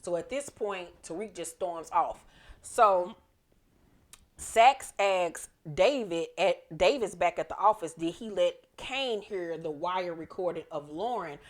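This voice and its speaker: A woman with a lowish, animated voice takes her time as she casually recaps a TV episode. Chatty and profane, she acts out the characters' lines along the way as an episode reviewer.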